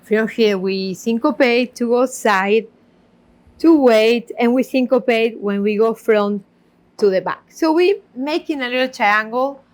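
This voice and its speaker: A woman with a fairly high voice leads a tango lesson. She talks slowly and deliberately and counts the beats aloud. She pauses to warn students about their mistakes. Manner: gives careful instructive warnings. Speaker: tango teacher. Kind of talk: dance lesson instruction.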